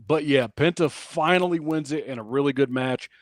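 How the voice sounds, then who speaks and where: A man's voice: a little high, moderate pace, no echo. A man co-hosting a wrestling podcast, casually recapping the week's show and acting out the wrestlers' promos. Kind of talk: casual chat.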